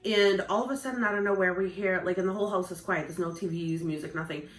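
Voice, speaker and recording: A woman's voice: on the low side, reverberant, slight background noise, low-quality recording. Middle-aged woman telling an eerie tale. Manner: measured, detailed storyteller. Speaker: channel co-host. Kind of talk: casual storytelling chat. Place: home, at a kitchen table.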